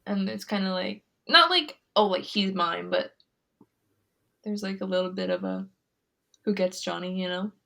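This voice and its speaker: A young woman co-hosts a casual podcast, talking in quick bursts thick with "like" and breaking into giggles. Her voice sits at an ordinary middle pitch. The tone is relaxed friend-to-friend chat. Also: creaky. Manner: chatty, giggly, many "like" fillers. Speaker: podcast co-host. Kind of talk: casual chat recapping a reality show.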